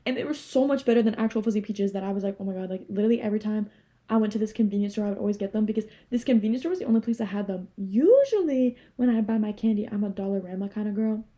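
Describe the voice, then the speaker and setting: A young woman from Canada rambling casually to camera, animated and swearing freely. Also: medium pitch, racing. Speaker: vlogger.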